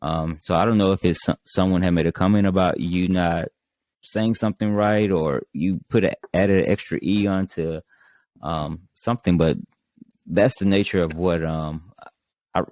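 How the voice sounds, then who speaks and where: Male podcast host, very low, dry close sound, loose and meandering. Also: steady tone, normal speed, a little mellow, no echo. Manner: rambling, hesitant, many fillers and restarts. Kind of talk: casual podcast interview.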